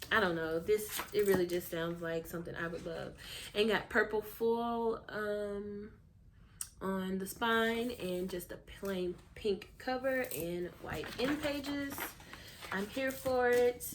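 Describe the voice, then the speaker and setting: A woman's voice: mid-range voice, fairly bright tone, a little hiss or hum. A woman from the United States, a book vlogger chatting casually through a haul with frequent ums and self-corrections, her voice getting worn. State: losing her voice.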